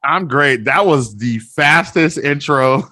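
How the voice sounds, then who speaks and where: A man's voice: on the high side, expressive, slow pace, sharp tone. A man co-hosting a casual podcast, speaking in a mock-solemn, playfully earnest way. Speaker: podcast co-host.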